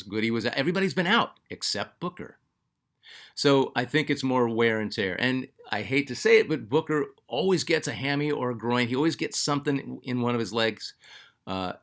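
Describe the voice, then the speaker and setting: A man's voice: mid-range voice, fairly bright tone. Chatty man hosting a basketball channel. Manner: chatty, filler-heavy, restarts often. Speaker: sports channel host. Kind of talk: casual commentary reading viewer comments.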